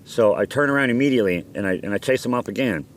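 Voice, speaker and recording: A man's voice: mid-range voice, lively intonation, quick pace, slight background noise. A man telling a story from his own life in a casual, blunt, profane way, acting out heated quotes. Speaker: storyteller recounting a personal incident.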